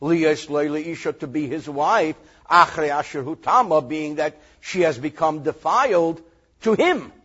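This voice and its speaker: Male rabbi, reading, lively joking lesson; raspy tone and a muffled, low-fi recording. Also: measured pace. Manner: animated, joking, reads Hebrew verses then translates. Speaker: rabbi teaching Torah.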